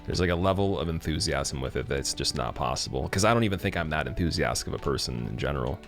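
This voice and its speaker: Canadian streamer, very low gravelly voice, rambling casual talk over faint music. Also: male voice, animated, quick pace, a bit bright. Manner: rambling, many fillers and restarts. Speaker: livestreamer. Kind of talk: casual chat while live-streaming a game.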